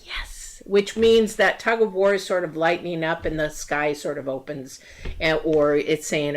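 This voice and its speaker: A woman reading tarot and astrology in a casual livestream, rambling with many pauses and filler words. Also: deep voice, steady tone. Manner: rambling, many ums and restarts; acts out quoted voices in story asides.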